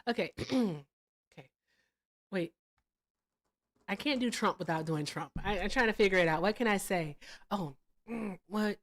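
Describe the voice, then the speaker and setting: A woman's voice: mid-range voice, measured pace, long pauses. A woman in her late fifties hosting a live stream, chatting playfully and laughing with guests. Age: 50s. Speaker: livestream host. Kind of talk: casual chat.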